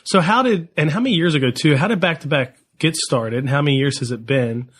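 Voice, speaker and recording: A man's voice: fairly high pitch, fairly quick, a bit bright, slight background noise. A man hosting a podcast interview, upbeat and affirming, asking long, rambling questions. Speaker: podcast host. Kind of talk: casual interview chat.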